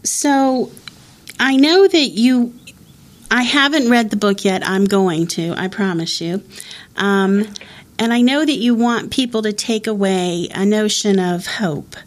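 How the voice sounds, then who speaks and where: A woman's voice: mid-range voice, unhurried. A woman in her fifties hosting an interview, speaking in a personal, earnest way. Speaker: interview host. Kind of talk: conversational interview.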